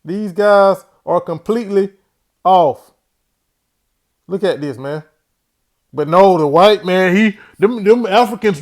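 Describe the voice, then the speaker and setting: Male host with a high voice, preaching-style commentary, says "man" after his phrases. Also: takes it slowly, pauses often. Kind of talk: religious commentary.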